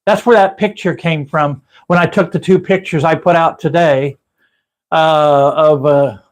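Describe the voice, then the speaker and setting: A man with a drawl hosts a casual livestream, his voice sitting a little higher than most men's. He rambles from topic to topic and talks straight to his viewers by name. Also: steady tone, a little slow. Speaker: livestream host.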